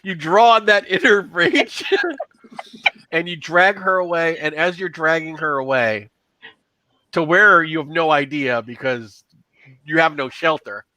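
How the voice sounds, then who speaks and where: A man's voice: a little high, unhurried, pushed and bright, no room sound, poor audio. A man narrating as game master of a tabletop game, loose storytelling with lots of fillers.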